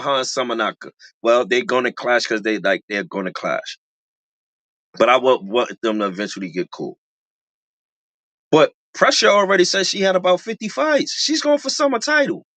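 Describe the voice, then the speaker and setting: Animated, slangy reality show commentator. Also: dry recording. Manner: animated, repeats phrases for emphasis, slangy; voice jumps high when excited. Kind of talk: casual commentary.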